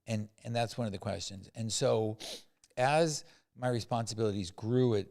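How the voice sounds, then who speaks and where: An older man, a film producer, telling animated anecdotes as a podcast guest and acting out the quotes. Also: lowish voice, moderate pace, vocal fry. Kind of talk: storytelling in a podcast interview.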